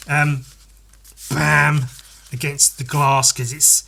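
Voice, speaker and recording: A man's voice: mid-range voice, flat delivery, slow pace, vocal fry, bright, forceful tone, slight background noise. A man hosting a podcast, chatting casually and swearing, acting out scenes with sound effects. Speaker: podcast host and comic artist.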